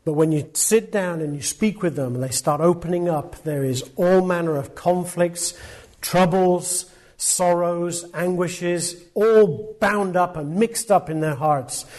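High-voiced earnest male preacher. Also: unhurried, darkish tone. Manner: earnest, emphatic, stacks repeated words and questions. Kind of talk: sermon.

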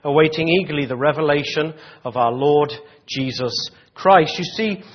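Guy preaching a sermon, kinda husky high voice, chatty, lots of "you know", muffled lo-fi sound. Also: normal speed. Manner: conversational preaching with many restarts and "you know". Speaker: pastor.

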